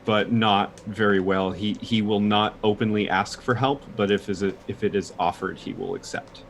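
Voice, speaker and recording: Flat-voiced male tabletop player. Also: fairly low pitch, moderate pace, slight background noise. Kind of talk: describing his character's actions in a tabletop game.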